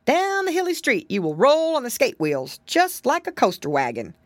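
A woman voicing a kindly old male goat gentleman in a storybook, giving patient instructions. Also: high-pitched, wildly swooping pitch, normal speed, dry recording, clean studio sound, pitched above the performer's own voice. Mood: instructive.

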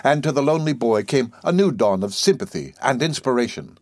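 A man narrating literary prose in a measured, expressive reading that slows and quickens for effect. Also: medium pitch, no echo, studio quality. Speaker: audiobook reader.

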